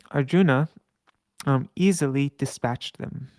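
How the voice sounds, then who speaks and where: Man reading scripture in a smooth voice. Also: mid-range voice, darkish tone, dry recording. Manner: chants verses slowly, stumbles and corrects himself aloud. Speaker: scripture reader. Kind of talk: reading scripture aloud with commentary.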